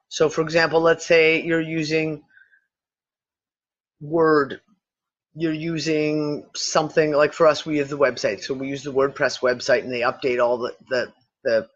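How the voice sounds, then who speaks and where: A man hosting a discussion show, thinking out loud in loose, rambling speech with casual swearing and frequent restarts. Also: on the high side, steady tone, normal speed. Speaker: podcast host. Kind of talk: casual speculative talk. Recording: dull lo-fi recording.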